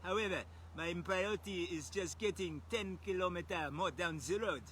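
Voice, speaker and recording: Oddly formal stilted man, put on by an Australian streamer, raised pitch, bright, deliberate. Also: a little hiss or hum. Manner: slow, stilted, over-precise delivery. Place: outdoors by a road, windy.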